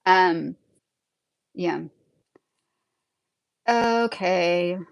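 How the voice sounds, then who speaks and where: A woman's voice: fairly low pitch, very slow, gravelly, clear, resonant tone, no echo. A young woman hosting a livestream, talking through her opinions in a rambling, casual way and laughing often. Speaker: livestream host.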